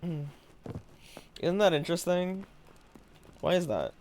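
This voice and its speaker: Lively, animated male game streamer. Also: high-pitched, unhurried, a little hiss or hum. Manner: chatty, laughs often, muses aloud. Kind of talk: casual live-stream chat while gaming.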